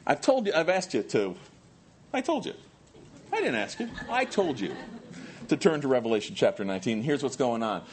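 A man preaching a sermon, swinging between loud shouting and hushed low tones, reading scripture slowly and with stress. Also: big pitch swings, slight background noise. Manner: reads scripture aloud with slow stressed delivery. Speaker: pastor.

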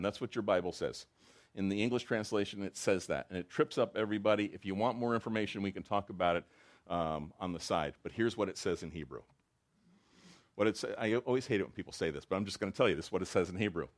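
A man's voice: sits low, lively intonation, brisk. A man preaching a sermon in a conversational way, acting out quotes with rising emotion. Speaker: pastor.

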